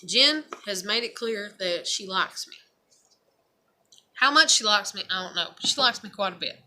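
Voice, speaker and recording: A woman's voice: mid-range voice, lively intonation, moderate pace, sharp tone, a little hiss or hum. A young woman talking candidly to the camera in a rambling personal vlog, swearing freely. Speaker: vlogger. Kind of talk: casual personal vlog monologue.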